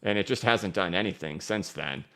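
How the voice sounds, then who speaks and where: A man's voice: low-pitched, gravelly. A man hosting a live-stream crypto market show, talking emphatically while he goes through charts and reads viewer questions. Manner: energetic, emphatic, talks fast. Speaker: crypto market analyst host.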